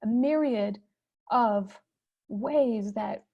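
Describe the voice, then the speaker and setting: A woman moderating a fireside chat over a video call, explaining terms in a measured, teacherly way. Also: fairly high pitch, dull audio.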